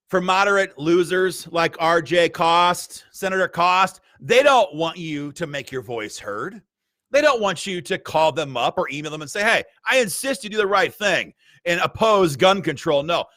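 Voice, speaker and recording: A man's voice: high voice, pushed and bright, no room sound. A man hosting a political commentary, reading emails aloud in a combative, sarcastic and mocking way. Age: adult with a school-age child. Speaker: gun rights group host.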